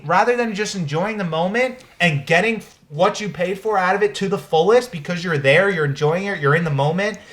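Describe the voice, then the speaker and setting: A man co-hosting a podcast, talking casually, swearing freely and acting out conversations with friends. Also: high voice. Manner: animated, swearing, acts out quoted friends. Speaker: podcast co-host.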